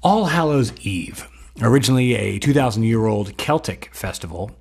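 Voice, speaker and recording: Gravelly, rambling comedic man. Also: medium pitch, lively intonation, moderate pace, darkish tone. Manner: rambling, self-deprecating, many fillers and restarts. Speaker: comedic host. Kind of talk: comedic monologue.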